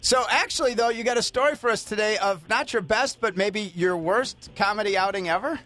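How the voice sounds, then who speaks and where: A man's voice: sits high, brisk, bright, forceful tone, soft background music. A man hosting a radio show, chatting in an easygoing way with a caller and a co-host. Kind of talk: casual radio chat.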